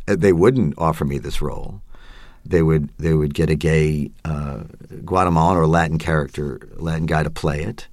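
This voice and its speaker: Brief: middle-aged man, interview guest, very deep voice, thoughtful and hesitant, dry close sound. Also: dry recording. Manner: reflective, hesitant, with many fillers and asides. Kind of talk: casual interview talk.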